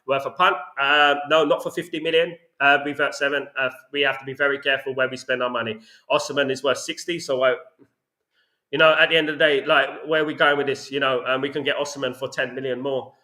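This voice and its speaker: A man's voice: mid-range voice, fairly even intonation, fast talker, pushed and bright. A man hosting a casual live stream, reading viewer comments aloud and answering them bluntly, often repeating himself. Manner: blunt, opinionated, repeats himself with "you know what I mean". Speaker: host reading viewer chat.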